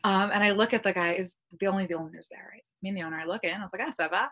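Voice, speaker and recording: A woman with a bright, forceful voice, telling stories as a podcast guest. She talks in a lively way, laughs easily and acts out what other people said. Her pitch sits in the middle range for a woman. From United States. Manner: lively storytelling, quick laughs, acts out dialogue. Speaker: podcast guest, language content creator. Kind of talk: casual interview chat.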